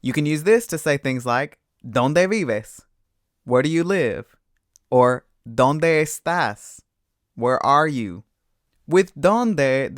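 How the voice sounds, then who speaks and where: Lively, clear-voiced male Spanish teacher. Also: mid-range voice, no room sound, studio quality. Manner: clear, patient explaining with lively emphasis. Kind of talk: scripted language lesson.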